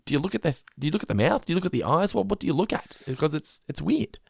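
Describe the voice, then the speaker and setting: A man co-hosting a podcast in casual, chatty conversation, his pitch swinging up and down as he talks. He laughs often, and the sound is close and dry. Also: lively intonation, very fast, gravelly, a little mellow, breathy edge, no room sound. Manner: chatty, laughs often, puts on silly voices. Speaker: podcast co-host. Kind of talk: casual chat.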